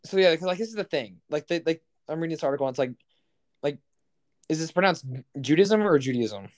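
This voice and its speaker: A man's voice: a little high, quick pace. A young man co-hosting a podcast in casual chat, rambling with lots of fillers and profanity. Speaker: podcast co-host.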